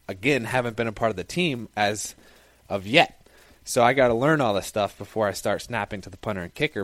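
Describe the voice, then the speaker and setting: Young man telling a story, low dry voice. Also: no room sound. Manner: conversational, lively recounting. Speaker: football player. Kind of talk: casual first-person storytelling.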